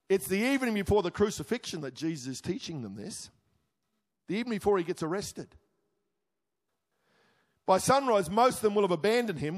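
A man preaching a sermon as pastor, emphatic, rising to exclamations and then dropping low and intimate. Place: church hall. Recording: reverberant church hall.

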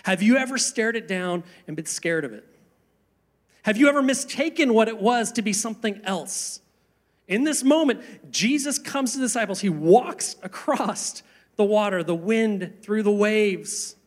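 A man preaching a sermon, earnest, asking rhetorical questions and slowing down for emphasis. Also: sits high. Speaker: pastor.

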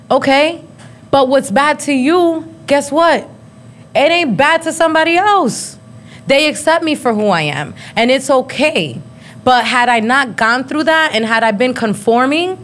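A woman's voice: on the high side, a bit bright. A woman in her thirties hosting a live podcast show, talking bluntly and profanely with frequent laughter. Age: 30s. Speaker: podcast host. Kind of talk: casual live-show chat.

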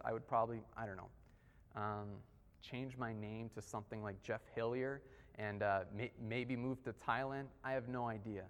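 A man giving a casual, conversational sermon as a guest preacher, slipping in slangy asides. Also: mid-range voice. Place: church sanctuary. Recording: long reverb of a church hall.

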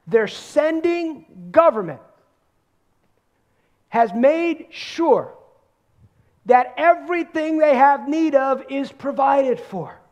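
A man preaching a sermon, emphatic, repeating words for stress and swinging between loud bursts and hushed asides. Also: very high-pitched, slow pace, highs cut off.

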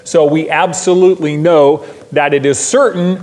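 Man preaching in a church, emphatic and repetitive, fairly high voice, long hall echo. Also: fairly even intonation, moderate pace, a little mellow. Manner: emphatic, repeats key lines for stress. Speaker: pastor. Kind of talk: sermon.

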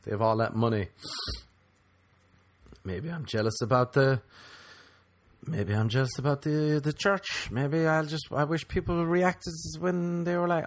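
A man's voice: normal speed, long pauses. Profane sarcastic man ranting comedically. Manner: sarcastic, profane, mocking with high put-on voices. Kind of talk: comedic monologue rant.

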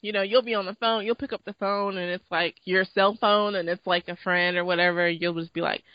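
A woman's voice: on the low side, steady tone, brisk, no room sound, highs cut off. A woman co-hosting a casual chat, giggly and talkative, with lots of "like" fillers. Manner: giggly, chatty, many fillers like "like". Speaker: podcast co-host.

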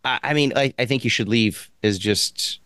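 A man's voice: mid-range voice, moderate pace, fairly bright tone, dry recording, clean studio sound. A man co-hosting a casual chat, easygoing and agreeable, often stammering as he restarts. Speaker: podcast co-host.

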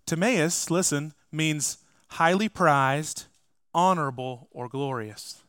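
A man's voice: fairly high pitch, slow, a bit bright, clear, resonant tone, dry recording. A man preaching a sermon as pastor, emphatic and speaking straight to his congregation. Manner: emphatic, addresses the congregation directly.

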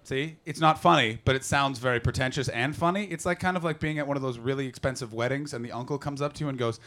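A young man doing a stand-up comedy set, rambling quickly and shouting into sudden put-on voices. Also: mid-range voice. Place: comedy club stage before an audience. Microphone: handheld stage mic.

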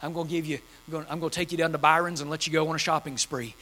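A man's voice: a little high, level tone, racing, pushed and bright, big-room sound. A man voicing a grateful, wealthy foreign general who stammers out eager offers of gifts.

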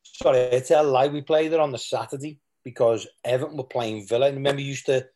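A man's voice: mid-range voice, steady tone, fast, darkish tone. A man, a former footballer, telling candid stories in an interview and often quoting what people said. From England. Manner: rambling, with restarts and quoted asides.

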